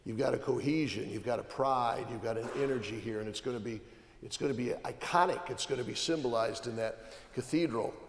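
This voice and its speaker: A man's voice: medium pitch, a little fast, a little hiss or hum. A man from the American Midwest, an archbishop speaking as a guest on a panel. He talks emphatically, piling up repeated phrases and restarting his sentences. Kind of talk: conversational panel talk. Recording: long hall reverb.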